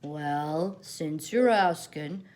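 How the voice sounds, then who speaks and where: An older woman voicing a gloomy male donkey who speaks slowly and glumly. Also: a little mellow. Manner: slow, rumbling and glum.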